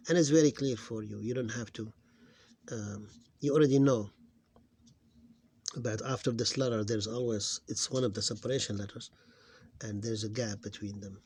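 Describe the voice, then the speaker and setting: A man teaching a phonics lesson, explaining in halting English with restarts and sounding out syllables loudly and slowly. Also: mid-range voice, a little hiss or hum. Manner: halting, with many restarts and self-corrections. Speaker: Arabic reading teacher.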